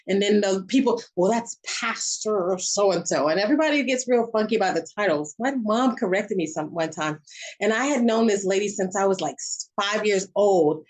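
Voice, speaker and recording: A woman's voice: mid-range voice, low-quality recording. A woman guest in a casual chat interview, telling rambling stories with many restarts.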